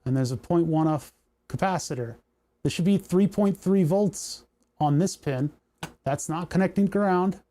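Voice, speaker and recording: A young man streams himself troubleshooting electronics, thinking aloud and muttering as he works. His voice sits a bit high for a man yet has a mellow, soft tone. He gets exasperated and swears when the parts keep failing. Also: moderate pace. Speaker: livestream host. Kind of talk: casual livestream electronics tinkering.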